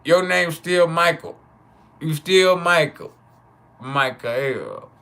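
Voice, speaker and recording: A man's voice: a little high, vocal fry, a bit bright, smooth. A man hosting a casual live stream, joking and laughing often as he chats with viewers. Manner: loose, joking, laughs often, drawn-out names. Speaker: livestream host.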